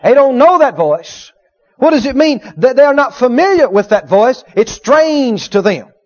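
A man preaching a sermon, animated, acting out little dialogues and swinging from loud to hushed. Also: extremely high pitch, normal speed. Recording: dull lo-fi sermon recording.

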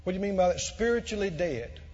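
A high-pitched man delivering an emphatic sermon, piling up repeated phrases and rising to shouts. His voice is husky, and the recording is muffled, with a long reverb from a large hall. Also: lively intonation, fast. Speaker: preacher.

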